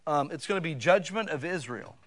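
A male pastor preaching a sermon in a folksy, conversational way, building to loud emphasis on scripture. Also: on the high side, expressive, fairly quick.

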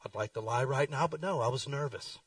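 Folksy preacher, dry and off-mic. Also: male voice, brisk, slightly rough, no echo, far from the mic, poor audio. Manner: folksy storytelling with lively swings in pitch. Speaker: pastor. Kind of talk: sermon. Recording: dry sound, speaker away from the mic.

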